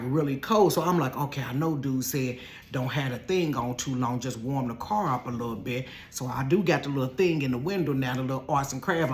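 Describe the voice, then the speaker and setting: A woman from Ohio telling a storytime from her bedroom. She talks straight to her viewers in a casual, chatty way, calling them "y'all" and "honey". She moves from hushed asides to loud, laughing outbursts. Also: very deep voice. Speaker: storytelling vlogger.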